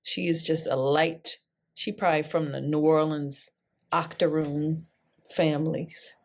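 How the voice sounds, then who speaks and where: A woman's voice: low-pitched, a little slow. A woman co-hosting a casual pop culture podcast, telling stories with dramatic flair. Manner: animated storyteller, dramatic voice changes. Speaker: podcast co-host.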